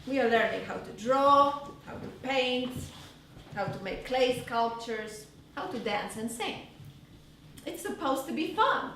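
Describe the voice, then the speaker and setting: Slow high-voiced woman storyteller. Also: expressive, fairly bright tone. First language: Polish. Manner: earnest storytelling, measured. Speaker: solo performer. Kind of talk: solo theater monologue. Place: small theater stage. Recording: live stage, roomy hall from far off, faint noise.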